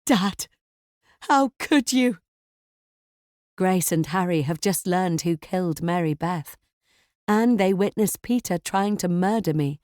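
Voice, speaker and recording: A woman narrating a thriller audiobook in first person, tense and measured. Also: fairly low pitch, warm tone, no echo, clean studio sound.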